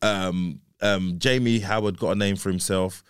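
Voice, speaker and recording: A young man, a stand-up comedian chatting casually on a podcast, laughing loudly and swearing freely. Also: low voice, steady tone, moderate pace, clear, resonant tone, no echo, studio quality.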